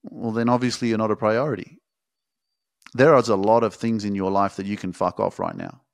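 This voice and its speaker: A man with a lowish voice gives a motivational monologue, hammering his points with profanity and repetition. The sound is dry and close, with no room echo. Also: steady tone, brisk. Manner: profane, forceful, repetitive exhortation. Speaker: motivational coach.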